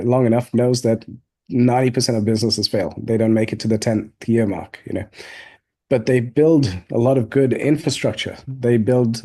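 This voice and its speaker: A man being interviewed as a guest entrepreneur, telling stories in an animated way and acting out both sides of past conversations. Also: medium pitch. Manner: animated storyteller, acts out both sides of dialogues. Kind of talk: storytelling in an interview.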